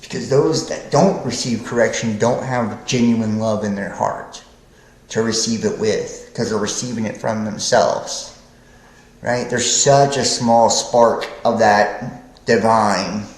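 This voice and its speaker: Slow, preachy man in an echoey room. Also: fairly low pitch, fairly even intonation. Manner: rambling, profane, keeps asking "right?". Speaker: podcast host. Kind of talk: preachy livestream monologue.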